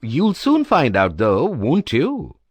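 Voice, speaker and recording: A woman's voice: very deep voice, huge pitch swings, takes it slowly, darkish tone, breathy edge, no echo, voice pushed down, heavily acted. A woman doing a grumpy carter. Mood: gruff. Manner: grumbling and sarcastic. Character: grumpy, impatient working man carter.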